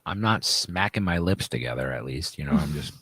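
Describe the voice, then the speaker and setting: A man's voice: a bass voice, lively intonation, a little fast, sharp tone, slightly rough, no echo. A man co-hosting a casual chat, joking and laid-back, swearing casually. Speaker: co-host.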